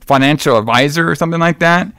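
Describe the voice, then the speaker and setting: A man's voice: fairly high pitch, fast, fairly bright tone, clear, resonant tone, dry recording, clean studio sound. A man casually recapping a movie on a podcast, rambling, swearing often, laughing and acting out the characters. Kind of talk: casual profane chat.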